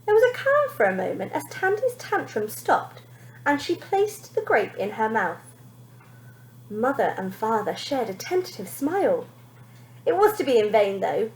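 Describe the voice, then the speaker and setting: A woman teacher reading a children's storybook aloud, lively and expressive, pointing out the pictures. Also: a little high, unhurried, reverberant, a little hiss or hum, poor audio.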